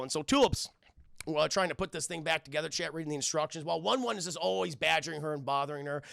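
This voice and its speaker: Man, cartoon reviewer, excitable and profane, high voice, dry close sound. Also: quick pace, creaky, dry recording. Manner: excitable, profane, addresses chat. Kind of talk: casual livestream recap to chat.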